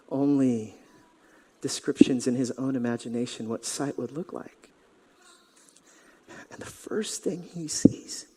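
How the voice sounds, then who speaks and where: A pastor telling a scripture story in a sermon, dramatic and dropping to a whisper at times. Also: male voice, medium pitch, warm tone, slight background noise. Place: church sanctuary. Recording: reverberant church hall.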